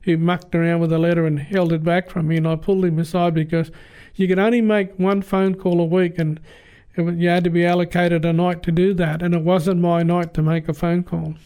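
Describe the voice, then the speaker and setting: A man's voice: high-pitched, level tone, brisk, warm tone, clean tone. An Australian man telling a personal story in an earnest, plain-spoken, conversational way. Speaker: guest telling his testimony.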